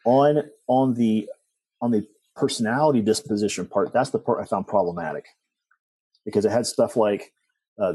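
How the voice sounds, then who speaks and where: A man's voice: fairly low pitch, moderate pace, mellow, husky, no echo. A middle-aged man telling personal stories as a guest, rambling with restarts and asides. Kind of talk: personal storytelling in conversation.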